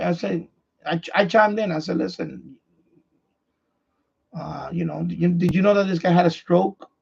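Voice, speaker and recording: A man's voice: high voice, normal speed, creaky, pauses often, darkish tone, husky, muffled recording. A man hosting an amateur radio livestream, chatting casually and rambling, often restarting and repeating himself. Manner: repetitive, restarts sentences often.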